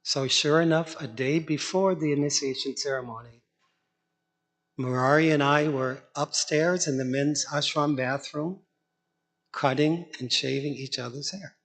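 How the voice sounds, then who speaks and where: A man's voice: a little high, fairly even intonation, a little slow, a bit bright. A man telling anecdotes at a memorial, apologetic about the time and chuckling. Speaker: speaker at a memorial. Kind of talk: anecdotal eulogy.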